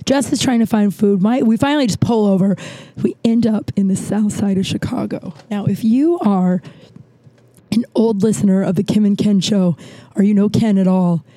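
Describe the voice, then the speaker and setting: A woman's voice: mid-range voice, normal speed, mellow, dry recording. A woman hosting a podcast, telling a rambling story in a casual chat with lots of restarts and fillers. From Los Angeles. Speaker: podcast host.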